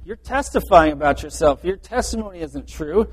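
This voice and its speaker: A man's voice: on the high side, expressive, normal speed, husky. A man preaching a sermon, explaining verse by verse in an earnest way and often restarting his phrases. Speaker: pastor. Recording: reverberant hall.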